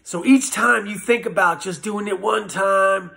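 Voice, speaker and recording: A man who served prison time gives personal testimony about addiction, talking in an earnest, halting and blunt way with some swearing. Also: high-pitched, vocal fry, sharp tone. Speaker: former prisoner sharing recovery story.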